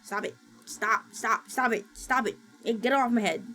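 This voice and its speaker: A woman streaming, chatting casually while she works and gasping and squealing with excitement as she greets viewers. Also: a little high, normal speed. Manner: excitable, gasps and squeals at new followers; chatty and self-mocking, talking while working. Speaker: VTuber streamer. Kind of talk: casual livestream chat. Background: faint background music.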